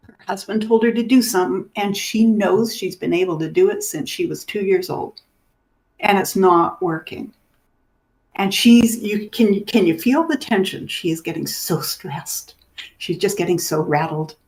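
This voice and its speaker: Woman dementia educator, lively storyteller, voices the people she describes. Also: medium pitch, normal speed. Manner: animated, acts out the people in her stories. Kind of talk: teaching through stories.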